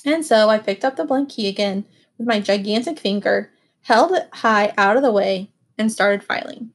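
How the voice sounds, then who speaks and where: A woman giving expressive, animated first-person audiobook narration. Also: mid-range voice, normal speed.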